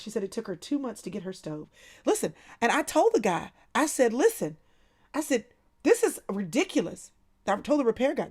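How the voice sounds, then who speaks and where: Woman host, casual livestream chat, animated and laughing, fairly high voice. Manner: animated, laughs often, talks to viewers by name.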